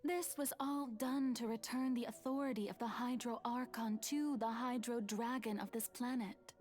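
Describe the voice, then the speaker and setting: An actress voicing an ancient, scheming goddess in game cutscene dialogue, speaking slowly in a soft, confiding, measured way. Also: female voice, on the high side, steady tone, faint music behind, natural voice. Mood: gentle. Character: ancient scheming female goddess, calm and wistful.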